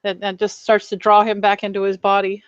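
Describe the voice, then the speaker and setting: Female player, mid-pitched, dry and muffled audio. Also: completely flat delivery, fairly quick, clean tone, dry recording. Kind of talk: narrating her character.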